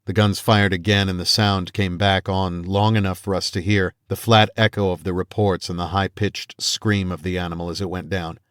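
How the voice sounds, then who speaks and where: A man with a very low voice narrates an audiobook in the first person, measured and steady. The recording is dry and close, with no room sound around him. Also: clear, resonant tone, no room sound. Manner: measured storytelling, voices quoted characters.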